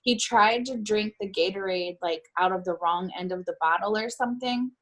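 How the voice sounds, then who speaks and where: A middle-aged woman being interviewed, recounting a painful personal account in a halting way and often stopping to correct herself. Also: mid-range voice. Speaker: interviewee, bereaved mother.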